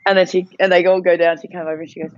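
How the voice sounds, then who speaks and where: A woman's voice: lowish voice, little pitch movement, rapid-fire, no echo, lo-fi sound. A woman co-hosting a morning mindset session, telling a family story in a chatty, rambling way and laughing often. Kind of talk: casual chat, storytelling.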